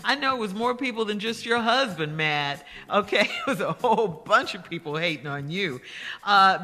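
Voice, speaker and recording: A woman's voice: mid-range voice, pushed and bright, big-room sound. A woman co-hosting a morning radio show, reading and answering a listener's letter with frank, scolding advice. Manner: frank and scolding, with drawn-out emphasis. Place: radio studio. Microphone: studio microphone.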